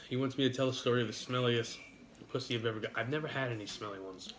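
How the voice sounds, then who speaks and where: A man's voice: mid-range voice, steady tone, fast talker, a bit bright, low-quality recording. A man co-hosting a casual eating stream, teasing and joking in easy banter. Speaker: co-host. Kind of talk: casual chat while eating.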